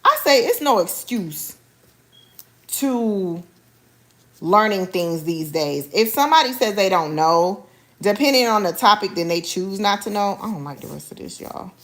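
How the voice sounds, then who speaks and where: Cooking on a relaxed livestream at home, a Haitian vlogger keeps up friendly chatter and calls her viewers y'all. She has a medium-pitched, animated voice and a measured pace.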